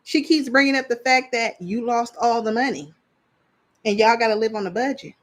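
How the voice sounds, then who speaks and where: A woman's voice: fairly high pitch, normal speed. Blunt, chatty woman reviewing reality TV. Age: adult parent. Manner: chatty, blunt, laughs often, trails off searching for names. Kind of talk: casual commentary.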